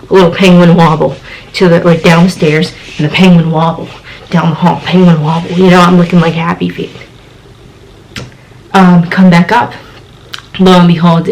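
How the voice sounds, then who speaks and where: A young woman telling a story to camera, acting out her own lines with big jumps in pitch. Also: gravelly, darkish tone, slight background noise, rough recording. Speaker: storytime vlogger.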